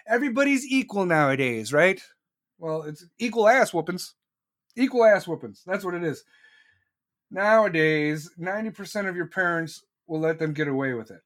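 A man's voice: sits high, animated, moderate pace, fairly bright tone. A man hosting a podcast, ranting in a blunt, profane monologue and repeating lines for emphasis. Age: adult with children. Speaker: podcast host.

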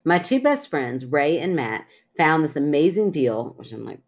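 A woman's voice: low-pitched, sing-song, normal speed. A woman co-hosting a podcast, chatting with her sister, giggling, and reading a listener's ghost story aloud with asides. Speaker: podcast co-host.

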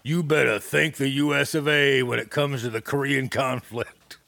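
A man co-hosting a comedy podcast, brash and boastful, with a gravelly voice and loud laughs. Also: mid-range voice, fairly even intonation, normal speed, dry recording. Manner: brash, boastful tough-guy patter with frequent laughs. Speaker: podcast co-host. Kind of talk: improvised comedy banter.

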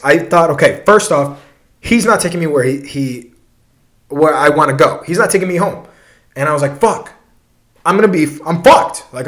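A man's voice: a little high, roomy sound. A young man telling a long personal story in a casual, rambling way, swearing often and restarting his sentences.

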